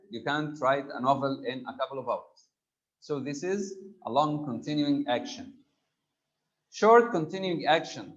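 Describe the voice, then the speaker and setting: A man's voice: fairly high pitch, dull audio. A male teacher explaining grammar step by step, with frequent fillers and worked examples. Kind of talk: grammar lesson.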